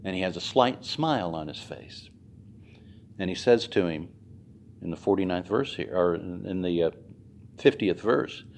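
A man preaching a sermon as dramatic storytelling, swinging from loud to hushed. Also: sits low, animated, normal speed, pauses often, a little hiss or hum. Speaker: pastor.

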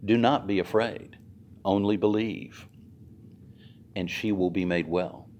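A calm teacher, gentle but firm, speaking low and unhurried, as a preacher acts him out. His voice carries quiet authority. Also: slight background noise.

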